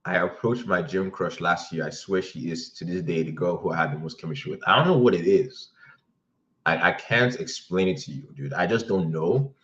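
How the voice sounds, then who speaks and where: A man's voice: low-pitched, normal speed, a bit bright, highs cut off. A man hosting a casual livestream, telling dating stories in a blunt, profane way. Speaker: livestream host giving dating advice.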